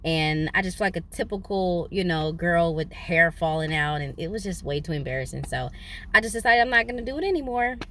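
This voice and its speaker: A woman's voice: a little fast, slight background noise. A young woman vlogging from inside a parked car, telling a story animatedly into her phone. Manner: animated, dramatic retelling with big pitch jumps. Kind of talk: casual storytelling.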